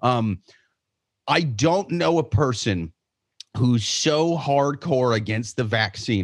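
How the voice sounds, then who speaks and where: A man co-hosting a podcast in casual chat, telling stories in an animated, profane way. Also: mid-range voice, slow, no echo, clean studio sound. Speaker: podcast co-host.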